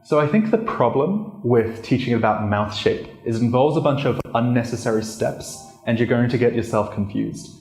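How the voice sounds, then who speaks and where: Man, casual pronunciation lesson, laid-back explaining, mid-pitched voice, echoey room. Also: moderate pace, few pauses, soft background music. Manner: relaxed, chatty explaining with many "like" fillers. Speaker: learner of the language presenting a pronunciation lesson. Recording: roomy echo.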